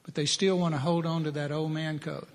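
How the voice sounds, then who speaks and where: A man's voice: on the high side, little pitch movement, fairly quick, in a large hall. A middle-aged man preaching a plain-spoken sermon to men, listing his points one by one. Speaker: preacher at a men's ministry.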